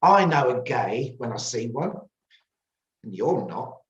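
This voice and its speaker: A man doing a sharp old shopkeeper woman. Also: rumbling low, sing-song, slow pace, highs cut off, voice pushed up, heavily acted. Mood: insistent. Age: 70s. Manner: conspiratorial, blunt and certain. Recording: roomy, distant mic.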